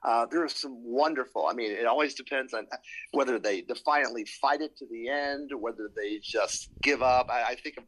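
A man's voice: mid-range voice, moderate pace, a bit bright, rough recording. A man in casual panel chat, talking in a rambling way with many ums and restarts. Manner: rambling, hesitant with many fillers.

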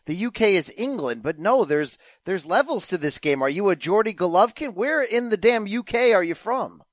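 A man's voice: high voice, lively intonation, moderate pace, dry recording. A man hosting a podcast, teasing his guest in a jokey, casual way. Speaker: podcast host.

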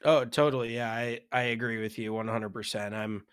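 A man's voice: mid-range voice, fairly even intonation, fairly quick, clear, resonant tone, no room sound, studio quality. A man co-hosting a golf podcast, talking frankly and casually, with some swearing and self-mockery. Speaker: podcast co-host.

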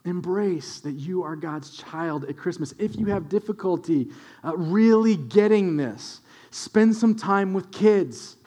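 A young adult man, a pastor, preaching a sermon with animated storytelling and quiet, earnest stretches. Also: high voice, a little slow.

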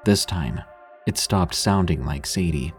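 A man narrating a scripted horror story in a husky voice, lifting his voice for the characters' lines. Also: low voice, unhurried, faint music behind.

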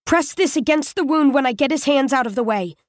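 A woman's voice: high-pitched, fairly quick, no echo, clean studio sound, pitched above the performer's own voice, close to an everyday voice. A woman voicing a fierce teenage girl who gives urgent, commanding orders, her voice raised above her narration. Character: fierce, bossy teenage girl taking charge.

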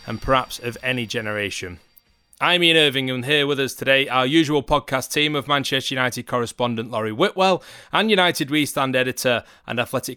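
A man, hosting a podcast in a measured, broadcaster-like way. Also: medium pitch, sharp tone, dry recording. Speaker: podcast host. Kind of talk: podcast chat.

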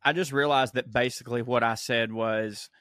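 A man from Georgia with a Southern accent, co-hosting a podcast in casual chat, agreeable and eager with quick interjections. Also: medium pitch, steady tone, fairly bright tone, clear, resonant tone, no echo, clean studio sound. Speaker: podcast co-host.

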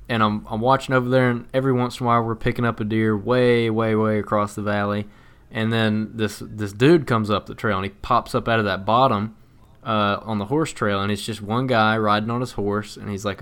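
Rambling man telling a hunting story. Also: lowish voice. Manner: animated, rambling, laughs often. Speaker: podcast co-host. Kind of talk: casual storytelling chat.

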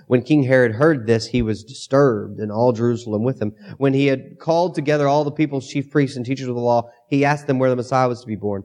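A man preaching a sermon into a microphone, his voice stuffy from a cold. He reads scripture and then explains it in an easy, conversational way, at a medium pitch for a man. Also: a little fast, hardly any pauses, darkish tone. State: has a cold, coughing. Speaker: pastor.

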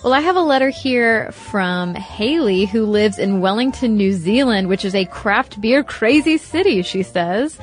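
An upbeat young woman co-hosts a podcast in a relaxed, casual chat. She mostly trades short, lively replies. Faint music plays quietly under her voice. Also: medium pitch, measured pace, hardly any pauses. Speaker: podcast co-host.

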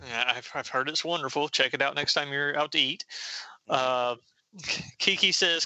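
A man's voice: fairly high pitch, fairly even intonation, measured pace, sharp tone, smooth, no echo, rough recording. A man casually recapping a comic book issue, reading the characters' lines aloud in playful raised voices.

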